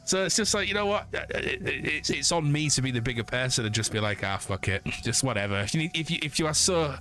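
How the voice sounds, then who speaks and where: A man in his forties, a streamer ranting casually and swearing, with lively storytelling. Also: fairly high pitch, fast. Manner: sweary, animated storytelling with mock voices. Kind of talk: casual rant while gaming.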